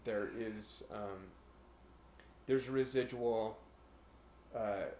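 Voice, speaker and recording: A man's voice: on the low side, drawn-out words, darkish tone, roomy sound, a little hiss or hum. A man co-hosting a casual chat, rambling and breaking into brief imitation voices, a little nervous about recording. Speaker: podcast co-host.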